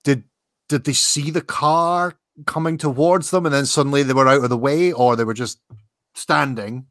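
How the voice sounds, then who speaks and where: A man's voice: medium pitch, steady tone, normal speed, a bit bright, dry recording. Curious male co-host probing with questions, dry recording. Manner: curious, asks many questions. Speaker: podcast co-host. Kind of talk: casual chat.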